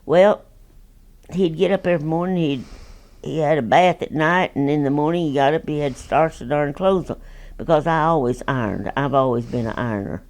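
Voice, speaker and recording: A woman's voice: low voice, normal speed, darkish tone. Folksy woman in her nineties. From Texas. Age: 90s. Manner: folksy, rambling, plainspoken. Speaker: interviewee. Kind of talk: oral history storytelling.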